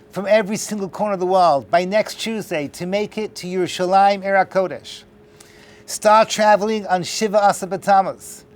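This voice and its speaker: A man giving a lively, joking class lecture to a live audience, talking straight to his listeners. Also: high voice.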